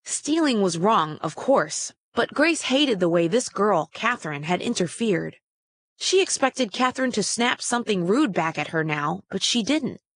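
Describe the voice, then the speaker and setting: A woman reading a children's story aloud in a steady, expressive way. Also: mid-range voice, a little slow, dry recording. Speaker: storybook reader.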